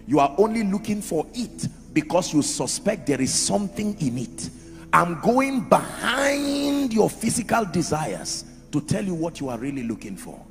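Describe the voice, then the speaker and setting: A man's voice: high voice, big pitch swings, normal speed. A man preaching a sermon in an emphatic style, asking the crowd rhetorical questions. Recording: echoey hall with music under.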